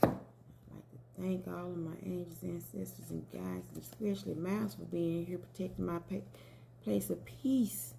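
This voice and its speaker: A woman's voice: fairly low pitch, flat delivery, a little fast, gravelly, noisy background. A woman giving casual commentary and a tarot reading, chatty and talking straight to her viewers. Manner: chatty, addresses viewers as y'all. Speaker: tarot reader.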